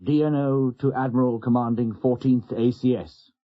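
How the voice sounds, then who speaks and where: Weary naval admiral, dry and measured, dull lo-fi sound, read by a man. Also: medium pitch, steady tone, natural voice. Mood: reading flatly.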